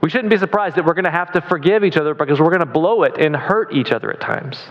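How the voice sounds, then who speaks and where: A man's voice: a little high, lo-fi sound. Man preaching in an echoing hall. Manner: conversational preaching with emphatic pauses. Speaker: pastor. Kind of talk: sermon. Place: church sanctuary.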